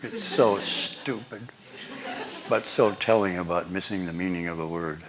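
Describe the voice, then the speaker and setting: A man's voice: deep voice, a little slow, fairly bright tone. An older man giving a lecture, telling wry anecdotes with chuckles to an audience. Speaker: guest lecturer. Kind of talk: storytelling lecture. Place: lecture hall before an audience.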